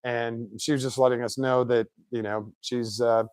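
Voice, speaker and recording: A man chatting casually in his home garage shop, telling lively anecdotes and mimicking the people in them. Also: mid-range voice, moderate pace, a little hiss or hum. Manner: chatty, animated anecdotes with put-on quotes. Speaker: shop owner, car builder. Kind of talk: casual storytelling.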